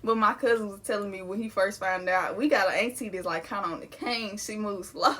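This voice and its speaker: A woman's voice: medium pitch, a little fast, fairly bright tone. A young adult woman telling a personal story in a casual, candid way, full of slang and swearing. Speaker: vlogger.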